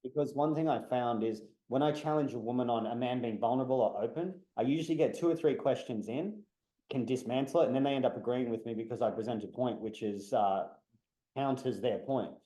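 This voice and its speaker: A man's voice: mid-range voice, brisk, warm tone. Blunt, fired-up man. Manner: blunt, heated and profane. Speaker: podcast guest. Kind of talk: casual podcast chat. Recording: echoey room.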